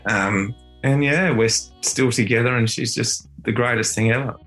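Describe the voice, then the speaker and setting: A man's voice: medium pitch, moderate pace, a bit bright. Earnest Australian man, faint guitar behind. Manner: earnest, heartfelt, reflective. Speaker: father and guitar teacher. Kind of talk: personal storytelling.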